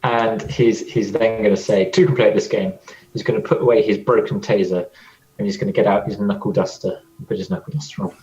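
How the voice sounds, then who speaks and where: A man's voice: lowish voice, flat delivery, a little fast, a little mellow, reverberant, lo-fi sound. A man playing a tabletop game, narrating his character in the third person. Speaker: player. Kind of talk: casual tabletop play.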